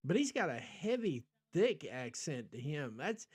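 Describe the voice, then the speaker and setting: A man's voice: on the high side, sing-song, unhurried, a little mellow, slightly rough. An American man hosting a podcast livestream, rambling in casual chat, full of ums and restarts and answering viewers in the chat. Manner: rambling, talks back to chat, frequent ums. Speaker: podcast host.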